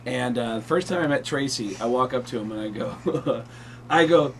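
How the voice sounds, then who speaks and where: A man's voice: mid-range voice, moderate pace, fairly bright tone, a little hiss or hum. A man in his thirties, a comedian being interviewed on radio, telling stories in a chatty, breezy way with lots of fillers. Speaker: comedian guest.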